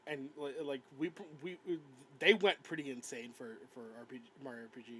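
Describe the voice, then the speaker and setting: A man's voice: medium pitch, a little fast, sharp tone, slight background noise, rough recording. A man co-hosting a podcast, chatting about games in a rambling way with frequent stammers and giggles. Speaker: podcast co-host. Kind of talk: casual gaming chat.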